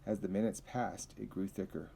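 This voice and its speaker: A man reads a novel aloud in a plain, conversational manner. His voice is low. He now and then trips over a word and adds a casual comment. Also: fairly even intonation, normal speed, gravelly, warm tone, poor audio. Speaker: reader.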